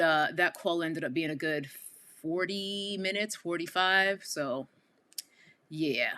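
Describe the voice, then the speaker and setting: A woman's voice: sits low, bright, forceful tone. A woman from Queens with a New York accent, hosting a casual livestream and chatting to viewers with lots of asides. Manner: chatty, addresses viewers as y'all, frequent asides. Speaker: livestream commentary host. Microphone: headphones with mic.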